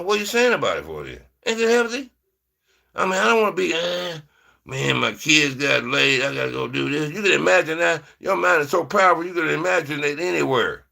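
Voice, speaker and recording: A man with a gravelly, forceful voice muses aloud to his viewers in a relaxed, rambling way, drifting from one thought to the next. He fills his talk with "man" and "you know". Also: mid-range voice. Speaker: vlogger. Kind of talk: rambling casual monologue to viewers.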